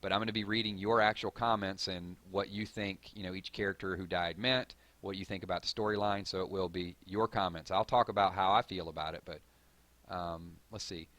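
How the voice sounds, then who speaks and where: Low-voiced Southern man hosting a live stream. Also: a little fast, no room sound. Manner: excitable, rambling, hyping up the audience. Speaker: gaming channel host. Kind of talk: live stream chat, reading viewer comments.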